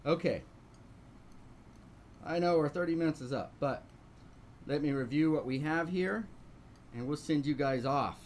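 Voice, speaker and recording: A man's voice: on the high side, a little slow, pauses often, a little mellow, a little hiss or hum. Man teaching a painting lesson. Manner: talks through steps, asks rhetorical questions. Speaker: painting instructor. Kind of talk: live online painting lesson.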